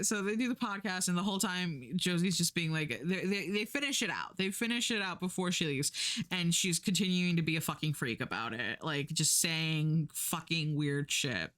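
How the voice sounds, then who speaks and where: With a lowish voice and a sharp tone, a young woman from the United States chats casually as a streamer. She retells a story in a rambling way, filling it with fillers and self-corrections and mimicking the people she quotes.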